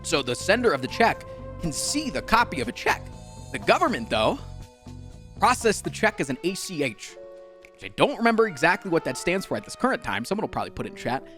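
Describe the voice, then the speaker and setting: A man's voice: high voice, sing-song, fairly quick, a bit bright, soft background music. A man telling a story as a streamer, exasperated and swearing, often mocking the people involved. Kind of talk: animated storytime rant.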